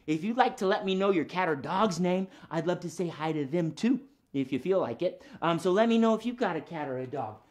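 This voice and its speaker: A man's voice: sits high, animated, a little fast, hardly any pauses, a little mellow. Chatty man hosting a children's show. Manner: chatty and encouraging, talks to kids directly. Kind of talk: friendly children's show patter.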